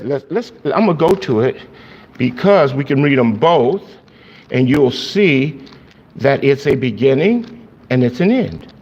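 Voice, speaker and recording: A man preaching a sermon in a church, his voice sitting notably high for a man. He talks emphatically and gets excitable, jumping higher in pitch when he drives a point home. He speaks into a handheld microphone. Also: muffled recording.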